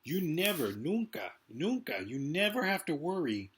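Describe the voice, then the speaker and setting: A man's voice: a little high, big pitch swings, a bit bright, slight background noise. A man delivering a rambling, profane political rant as a vlogger. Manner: rambling, profane, fast-talking. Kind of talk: ranting political monologue.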